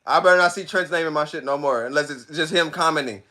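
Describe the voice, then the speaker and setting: A man's voice: on the high side, fast talker. A man streaming, chatting casually with his chat in slangy talk, repeating himself and often cracking up. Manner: animated, slangy, repeats himself, breaks into laughter. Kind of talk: casual livestream chat reading comments.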